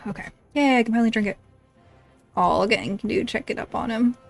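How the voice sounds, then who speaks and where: Excitable woman streamer with faint music. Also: fairly high pitch, a little fast, vocal fry. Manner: excitable, swearing, laughing reactions. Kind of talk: casual game playthrough commentary.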